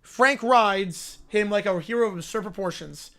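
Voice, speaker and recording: A woman's voice: mid-range voice, moderate pace, fairly bright tone, natural voice. A woman narrating a short absurd story in a dramatic, epic tone.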